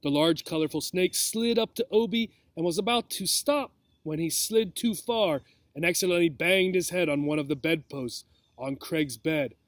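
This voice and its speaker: A man reads a children's chapter book aloud in a fairly high voice, telling the story expressively. The sound is close and dry, with no room echo. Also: moderate pace. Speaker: reader.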